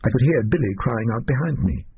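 A man narrating a story in an expressive, dramatic audiobook reading. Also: medium pitch, a little fast, breathy edge. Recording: dull lo-fi recording.

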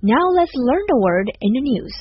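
Woman lesson host, animated intonation, dull recording with faint hiss. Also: a little high, normal speed. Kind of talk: scripted vocabulary lesson.

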